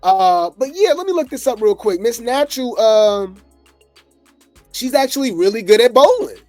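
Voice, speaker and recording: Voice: medium pitch, lively intonation, moderate pace, a little mellow, no echo. A laid-back gossip host rambles through reality TV commentary, drifting between thoughts with plenty of fillers and easy chuckles. The voice is close and dry, with faint music underneath.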